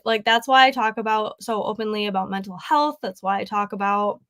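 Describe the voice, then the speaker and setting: Her medium-pitched voice is fairly bright and fairly quick, with hardly any pauses. A young woman crafting on a home livestream, she chats casually and reads comments, tearful and grieving yet laughing often and using "like" constantly.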